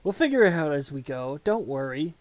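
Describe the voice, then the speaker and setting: A woman voicing a calm, patient woman guide, speaking in a measured, reassuring way. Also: low-pitched. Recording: music playing underneath.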